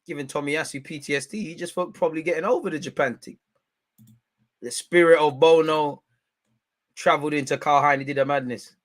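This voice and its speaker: A young man with a London accent, chatting casually on a football watch-along stream in heavy slang, swinging between loud hype and low mutters. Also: steady tone, brisk. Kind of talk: casual live-stream chat.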